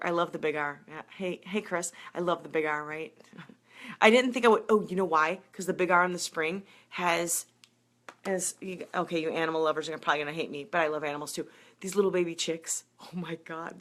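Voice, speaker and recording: A middle-aged woman coach talking fast and excitedly on a live video, greeting viewers by name between tips. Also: lowish voice. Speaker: running and triathlon coach.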